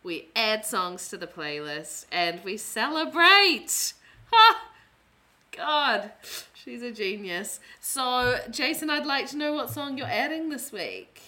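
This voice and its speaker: A young woman chats on her podcast, her voice bright and clear. Her pitch swings freely as she rambles through stories with lots of "like" fillers. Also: sing-song, slow pace. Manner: rambling, heavy use of "like" fillers. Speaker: podcast co-host. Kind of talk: casual chat.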